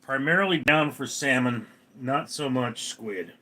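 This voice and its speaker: A man's voice: mid-range voice, unhurried, pushed and bright, slight background noise. A man hosting a casual live stream, reading viewers' comments aloud and answering them in a dry, self-deprecating way.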